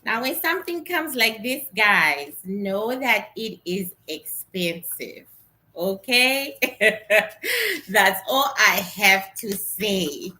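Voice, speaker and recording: A woman in her thirties from Africa, chatting excitedly while unboxing gifts in a casual vlog. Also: medium pitch, slow. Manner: excitable, exclaims often, chatty. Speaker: vlogger.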